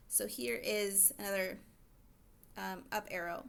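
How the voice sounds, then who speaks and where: A woman teacher in a recorded lesson, speaking at an everyday middle pitch. She keeps it casual and chatty. She explains each step plainly for other teachers. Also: moderate pace, fairly bright tone.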